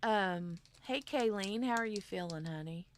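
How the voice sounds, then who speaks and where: A woman's voice: mid-range voice, measured pace, slight background noise. A woman hosting a casual craft livestream, chatting in a rambling way and reading out viewer comments. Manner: rambling, chatty, reads chat aloud. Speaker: craft channel host.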